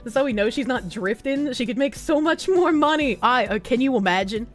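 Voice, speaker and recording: Giggly, high-voiced woman streamer, very lively, reading chat aloud, slightly rough throat. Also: a little fast, faint music behind. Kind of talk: casual live-stream chat.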